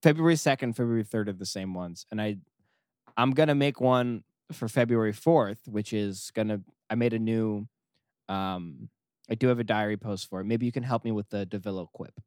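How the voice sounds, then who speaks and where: A man's voice: on the low side, moderate pace, darkish tone, no room sound, clean studio sound. A man co-hosting a casual chat, hesitant, with many fillers, laughing easily.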